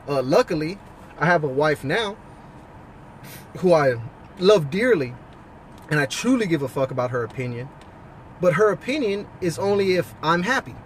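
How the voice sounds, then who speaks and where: A man's voice: sits high, slight background noise. A man giving life advice as a husband and father, talking bluntly and swearing constantly in a casual monologue. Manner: blunt, heavily profane, preachy.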